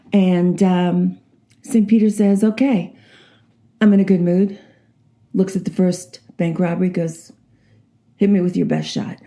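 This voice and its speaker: Gravelly older woman telling jokes. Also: on the low side. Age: 60s. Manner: chatty, rambling, animated storyteller. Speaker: vlogger. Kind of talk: casual joke telling.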